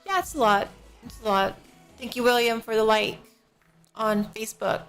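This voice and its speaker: A woman's voice: fairly high pitch, moderate pace, fairly bright tone. A woman live streamer chatting casually at her home desk setup, drowsy and yawning, a bit out of it and rambling, into a professional desk microphone. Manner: rambling, slightly out of it. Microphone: professional-grade desk microphone. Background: faint music from a neighbor.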